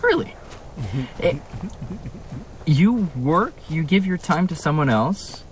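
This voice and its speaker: A man's voice: a little high, expressive, slow pace, a little hiss or hum. A young man from Canada, speaking in a casual vlog from a room at home, ranting with emphatic rhetorical questions. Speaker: vlogger.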